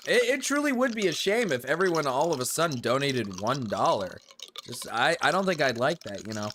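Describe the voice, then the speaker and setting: A young man streaming live and reacting to videos, excitable and giggly, swearing freely. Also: fairly high pitch, a little hiss or hum.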